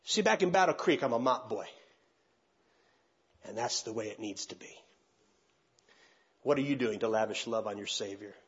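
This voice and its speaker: The speaker is an older male pastor preaching, telling a personal story in an animated style and acting out other people's voices. His husky, medium-pitched voice keeps a moderate pace with long pauses, on lo-fi sound.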